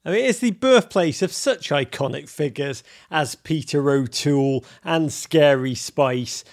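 A man's voice: fairly high pitch, unhurried. A man hosting a podcast interview in a jokey, theatrical way. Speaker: podcast host. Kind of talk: playful interview.

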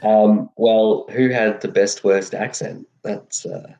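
A man's voice: lowish voice, fairly even intonation, slow, warm tone. An Australian man co-hosting a casual chat, laid-back and laughing easily, often restarting his words. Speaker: podcast co-host. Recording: slightly dull lo-fi audio.

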